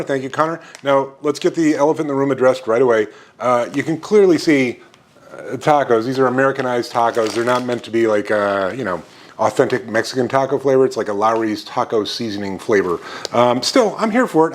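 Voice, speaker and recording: Reviewing chips on his casual vlog, this American man in his fifties speaks in a mid-range voice with a slight hiss or hum on the track. He's chatty and upbeat, exclaiming happily again and again.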